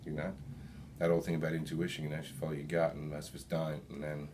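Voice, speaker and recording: Podcast guest: young man, very low voice, halting delivery full of ums, faint noise behind. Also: level tone, a little mellow. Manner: hesitant, many ums and restarts. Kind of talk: casual interview chat.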